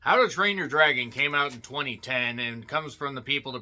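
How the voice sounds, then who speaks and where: A man's voice: medium pitch, fairly quick, bright, forceful tone. A man reviewing a movie in a casual spoken style, full of sarcastic, joking asides.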